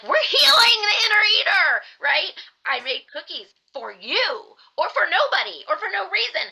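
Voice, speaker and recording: A middle-aged woman, a dietitian guest on a podcast, telling stories in a casual, animated way and acting out the voices she quotes. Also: on the high side, muffled recording. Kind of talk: casual storytelling interview.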